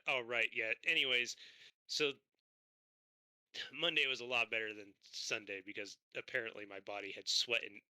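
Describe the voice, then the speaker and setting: Guest on a stream, man, animated ranting storyteller; bright, smooth voice, close and dry. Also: medium pitch, no room sound. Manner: animated, swearing storyteller who acts out both sides of conversations. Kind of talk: casual chat.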